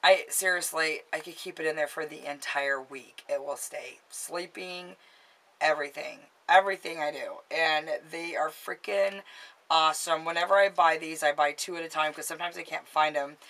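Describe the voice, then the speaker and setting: A woman's voice: deep voice, steady tone, normal speed, fairly bright tone, low-quality recording. A woman in her late thirties chatting casually in a show-and-tell vlog, rambling and restarting, sentimental and easily moved. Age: late 30s. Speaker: vlogger.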